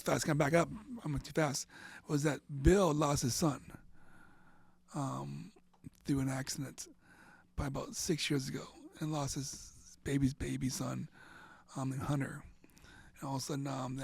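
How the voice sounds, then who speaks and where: Gravelly, husky middle-aged man telling a story. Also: medium pitch, flat delivery, normal speed, a little mellow, no echo. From central Florida. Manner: rambling, repeats "and all of a sudden", drops to near whispers. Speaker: interview guest. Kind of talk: emotional storytelling.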